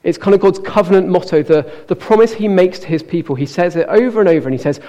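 A man preaching a sermon in earnest, slowing down to stress key words. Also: sits high, mellow, in a large hall, muffled recording.

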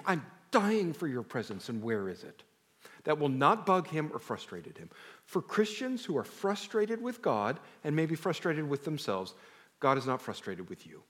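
A male pastor preaching a sermon in a conversational way, often putting questions to the congregation and shifting his emphasis freely. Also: fairly high pitch.

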